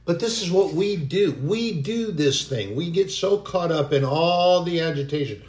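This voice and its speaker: A man preaching a sermon, earnest and animated, who now and then acts out frightened voices. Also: on the high side, unhurried, few pauses. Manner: earnest, animated preaching with sudden bursts of acted panic. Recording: echoey room.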